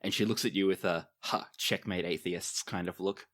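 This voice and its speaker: A man acting as game master, narrating a tabletop game in a descriptive, expressive way. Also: low voice, normal speed, very noisy.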